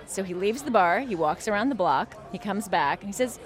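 Woman, joke-telling, lively swooping voice, animated. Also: mid-range voice, fast, hardly any pauses, some chatter behind. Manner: animated storytelling.

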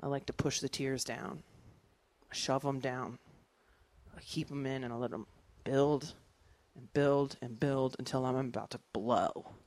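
Animated stand-up comic in their thirties. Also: mid-range voice, measured pace. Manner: animated storytelling, acting out other voices. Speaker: stand-up comedian. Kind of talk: stand-up comedy set.

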